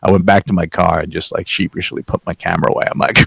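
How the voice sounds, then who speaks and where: A man's voice: sits low, flat delivery, fast, vocal fry, breathy edge, dry recording. Profane rambling male storyteller. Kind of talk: casual storytelling chat.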